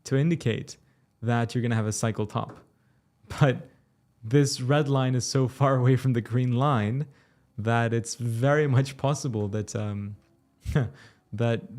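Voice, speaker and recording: A young Turkish man hosts a casual crypto livestream, reading viewers' chat questions out loud and answering them. He's relaxed and chatty, explaining things step by step in a mid-range voice.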